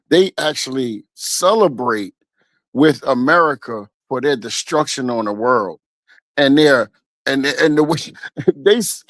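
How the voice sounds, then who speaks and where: Man, casual street preacher, halting riffs, dry close mic. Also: on the high side, fairly bright tone, no room sound. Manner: street-talking preacher, reads verses then riffs with fillers. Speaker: elder leading a scripture discussion stream.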